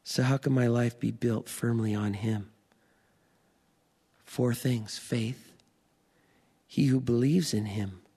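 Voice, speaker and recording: A pastor preaching a sermon, slow and emphatic, building to rising declarations. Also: male voice, fairly low pitch, darkish tone, slightly rough, in a large hall.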